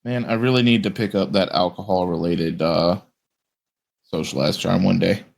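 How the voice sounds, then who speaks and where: A man with a very low voice chats in a laid-back way at a game table. He teases the others now and then. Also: fairly even intonation, moderate pace, gravelly. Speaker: player. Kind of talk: casual tabletop game chat.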